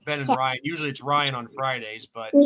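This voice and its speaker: A man's voice: mid-range voice, fairly even intonation, fairly quick, crowd noise. A man hosting a live stream, chatting casually and laughing often. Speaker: host.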